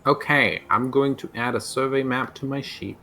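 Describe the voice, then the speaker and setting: A man's voice: medium pitch, steady tone, moderate pace, pushed and bright, a little hiss or hum. A man playing in a tabletop game, laid-back and blunt as he banters. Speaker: player.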